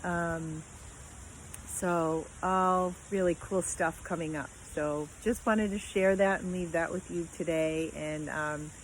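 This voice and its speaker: A woman's voice: fairly low pitch, fairly even intonation, slow, low-quality recording. A middle-aged woman telling a personal story in a casual, heartfelt way, rambling with many fillers. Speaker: vlogger. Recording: faint background noise.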